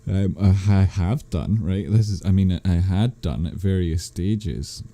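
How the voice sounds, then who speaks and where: A man's voice: low-pitched, unhurried, mellow. A man hosting a live stream, casually answering viewers' chat questions in a rambling, self-correcting way. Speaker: livestream host answering chat.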